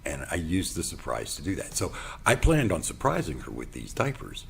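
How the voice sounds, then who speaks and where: Man, very low gravelly voice, lively storytelling, faint background noise. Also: normal speed. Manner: animated, acts out quoted dialogue. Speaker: podcast host. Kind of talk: personal storytelling monologue.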